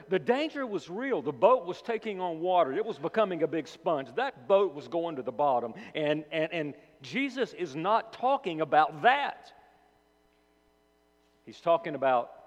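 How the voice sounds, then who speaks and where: A male pastor delivers a sermon in a church sanctuary, his slightly high voice rising for emphasis and dropping to near-whispers on key words. His delivery is animated and theatrical. The sound carries a long hall reverb from a distant microphone. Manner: dramatic swings between loud emphasis and hushed low words.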